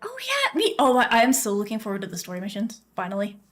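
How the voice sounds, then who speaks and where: A woman game streamer with a mid-range voice talks at a racing pace, chatting casually with her viewers and teammate as she plays. She's bubbly, full of fillers, and laughs frequently.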